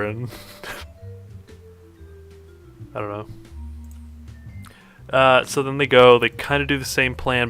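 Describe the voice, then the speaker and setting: A young man talks casually on a podcast with a bright, forward tone. He is relaxed and laughs easily, with faint music in the background. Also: fairly low pitch. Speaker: podcast co-host. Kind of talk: casual anime podcast chat.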